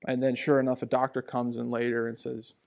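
A man in his thirties preaching a sermon in a church, telling personal stories in a conversational way, dropping to hushed asides and rising for emphasis. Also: medium pitch, completely flat delivery, brisk, gravelly. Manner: conversational, storytelling, swings between hushed asides and raised emphasis. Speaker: pastor. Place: church sanctuary. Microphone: handheld or stage mic.

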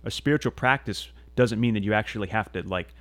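A man's voice: lowish voice, quick pace, fairly bright tone, dry recording. A man talking casually on a podcast, earnest and rambling, with many restarts and fillers. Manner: casual swearing. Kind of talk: casual conversational monologue.

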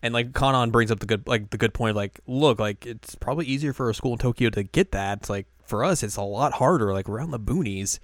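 A man's voice: medium pitch, quick pace, few pauses, no room sound, studio quality. A man co-hosting a podcast, recapping an anime in a rambling, casual way with many fillers. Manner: rambling, filler-heavy, often acts out lines. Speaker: podcast co-host.

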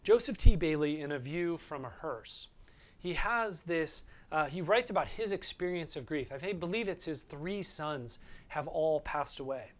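Male pastor, higher voice, earnest sermon delivery, keeps checking in with listeners, sometimes sinks to a near whisper. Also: animated, measured pace. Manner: earnest, often adds "right?" as a check-in.

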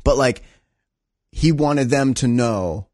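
A man's voice: medium pitch, slow, darkish tone, no echo, studio quality. A man co-hosting a casual podcast chat, blunt and profane, reading aloud and acting out quotes. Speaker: podcast co-host.

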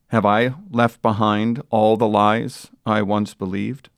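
A man's voice: lowish voice, smooth, no echo, clean studio sound. Earnest male pastor preaching. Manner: earnest preaching, rising to loud sung quotes. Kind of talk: sermon.

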